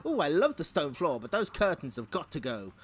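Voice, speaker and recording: A man's voice: fairly high pitch, huge pitch swings, a little fast, husky, faint music behind, exaggerated voice. A man voicing a fussy, flamboyant male interior designer with a gushing, affected manner.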